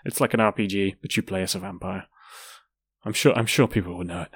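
A man co-hosting a casual gaming podcast, relaxed and joking. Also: sits low, fast talker, husky, no room sound, studio quality. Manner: relaxed, joking, unsure on names. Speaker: podcast co-host. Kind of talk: casual chat.

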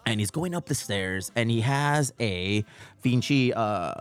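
A man's voice: mid-range voice, expressive, unhurried, smooth, soft background music. A man hosting a podcast in casual chat, swearing a lot and rambling in slang. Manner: profane, slangy and rambling, calls people dog and bro. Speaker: podcast host.

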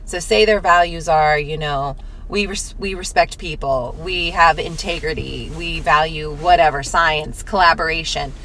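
A woman's voice: deep voice, measured pace, a little hiss or hum, rough recording. A woman co-hosting a podcast in casual chat, telling stories with frequent laughs. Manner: lively storyteller, laughs often. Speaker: podcast co-host.

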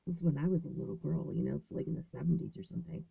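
A woman's voice: low-pitched, animated, racing, gravelly, dark tone, slightly rough. A woman in her fifties telling a story in a casual, rambling way with many fillers and restarts, partly whispered, recorded in a small closet on a tinny, phone-like line. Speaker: vlogger.

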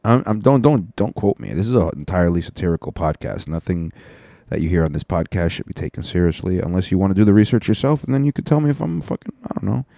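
Deep, mellow-voiced rambling male podcaster. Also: lively intonation, quick pace, creaky, no room sound, studio quality. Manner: loose, profane, rambling. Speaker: podcast host. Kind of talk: casual rambling solo podcast.

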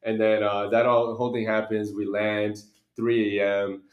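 A young man with a fairly low voice tells a story in casual chat, slipping into little voices for the people in it. The sound carries a noticeable echo from the room he's in. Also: normal speed, highs cut off. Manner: animated storyteller, acts out voices, laughs often. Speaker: podcast co-host telling a story. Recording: echoey room.

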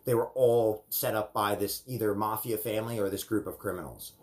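A man's voice: on the low side, fairly even intonation, brisk, a little mellow. Rambling, laid-back young man. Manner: rambling storyteller, swears casually, acts out quotes. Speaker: podcast host. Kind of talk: casual chat.

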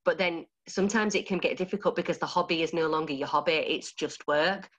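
Animated Yorkshire woman, lower voice. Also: a little fast. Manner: animated, gushing, laughs easily. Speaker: dance studio owner and instructor. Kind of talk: enthusiastic interview answers.

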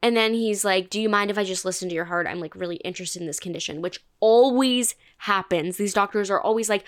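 A young woman in her twenties tells a story to her co-host, frank and swearing freely. She keeps slipping into the voices of the people she met. Her pitch sits mid-range for a woman. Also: quick pace, hardly any pauses. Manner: candid, swearing, animated quoting of others. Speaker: podcast co-host. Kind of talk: casual storytelling chat.

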